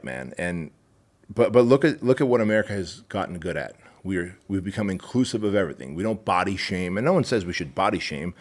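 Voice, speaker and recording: A man who is a guest on a podcast, talking forcefully and emphatically, swearing as he makes his points in casual chat. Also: fairly low pitch.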